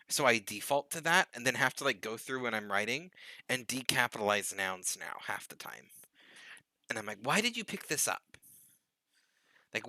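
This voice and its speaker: Bright-voiced chatty male streamer. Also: mid-range voice, no echo, rough recording. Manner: rambling, chatty storytelling. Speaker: streamer host. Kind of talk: casual gaming chat.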